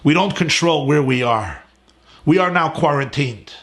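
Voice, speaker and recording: Earnest high-voiced rabbi teaching from home. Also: male voice, expressive, a little slow, fairly bright tone. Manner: earnest, emphatic, lists words in rising cadence. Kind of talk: sermon-style class. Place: his home.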